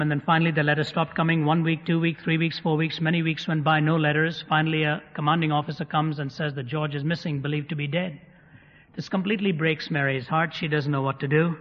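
A man's voice: fairly high pitch, steady tone, fairly quick. A man preaching to a live audience, telling stories vividly with touches of humor. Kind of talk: sermon storytelling. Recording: dull recording in a reverberant hall.

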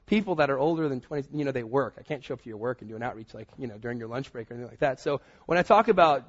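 A man's voice: medium pitch, expressive, racing, lo-fi sound. A man in his thirties preaching a sermon as pastor, telling personal stories and acting out what people said. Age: 30s. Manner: storytelling with acted-out quotes.

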